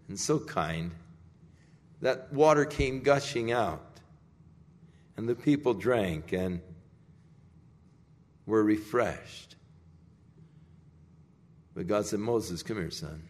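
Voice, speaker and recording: A man preaching a sermon, telling the scripture story in a deliberate, emphatic way. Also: mid-range voice. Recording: echoey hall.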